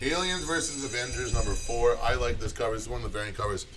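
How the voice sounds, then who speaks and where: A man's voice: medium pitch, fairly bright tone. A man who owns a comic shop, running a live auction and telling rambling shop stories in casual chat. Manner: rambling storyteller, quick asides.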